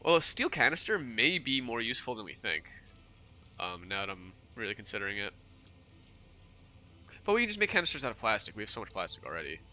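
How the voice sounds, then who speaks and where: He talks fast but drops long pauses, his lowish voice swinging widely in pitch with a sharp tone. A young gaming streamer from New York, he chats loosely with viewers during play, rambling and responding to questions. The sound is lo-fi, with soft music in the background.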